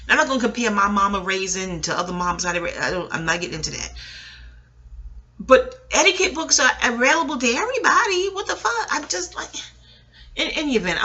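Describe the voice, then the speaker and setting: Bright-voiced, profane New woman. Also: mid-range voice. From New York. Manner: profane, laughing, digressive storytelling. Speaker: vlogger. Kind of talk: casual rambling monologue.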